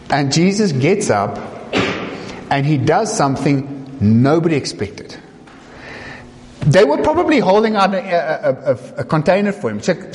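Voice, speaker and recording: A man's voice: on the high side, big pitch swings, normal speed, darkish tone, in a large hall. A man preaching a sermon, retelling a story dramatically, voicing the people in it and asking the listeners rhetorical questions.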